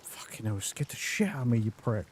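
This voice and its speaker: A man's voice: medium pitch, animated, a little fast, a little mellow, slight background noise. A man from London with a mild, mixed British accent, chatting casually and swearing while streaming a game. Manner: chatty, swears often, rambling. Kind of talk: casual gaming commentary.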